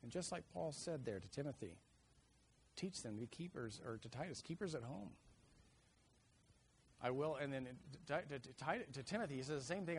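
A middle-aged man delivers a sermon in a lively storytelling way, jumping into loud acted-out children's voices. His voice sits in an ordinary middle pitch. Faint background noise hangs under the recording. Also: normal speed, long pauses. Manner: animated storyteller, acts out kids' shouts. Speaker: preacher.

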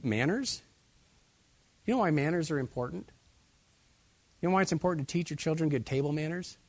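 Husky-voiced pastor preaching to his church. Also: a little high, lively intonation, brisk, no echo. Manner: asks the congregation many direct questions. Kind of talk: sermon.

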